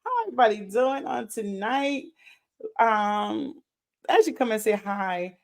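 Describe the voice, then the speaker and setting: A woman hosting a live stream, talking casually and excitedly, repeating her greetings and saying "y'all" to viewers. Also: a little high, a little slow, gravelly. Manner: uses Southern US words like y'all. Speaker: livestream host and founder.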